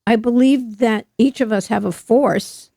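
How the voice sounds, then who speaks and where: Woman in her 80s, Jersey accent, gravelly, earnest and reflective, dry recording. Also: fairly high pitch, unhurried, warm tone, no echo. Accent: New Jersey. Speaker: guest. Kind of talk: casual interview conversation.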